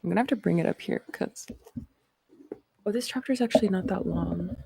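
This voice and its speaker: A woman's voice: on the low side, fairly quick, vocal fry, warm tone, breathy edge, no echo, clean studio sound. A Canadian woman hosting a live stream, chatting casually with viewers in a rambling, reflective way before reading scripture aloud.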